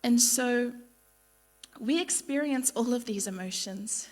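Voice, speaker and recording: A young woman with a slightly high voice gives a relaxed Bible study talk at church, stepping through slides. She talks in a chatty way, full of ums and likes, and acts out the lines of the people she quotes. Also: slow pace. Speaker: youth speaker at church.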